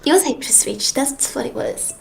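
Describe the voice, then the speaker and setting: Brightish young woman. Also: high voice, wildly swooping pitch, moderate pace, gravelly. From Finland. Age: young adult. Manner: emphatic, dramatic, playfully indignant. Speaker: chat participant. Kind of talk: casual voice chat. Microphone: online voice call.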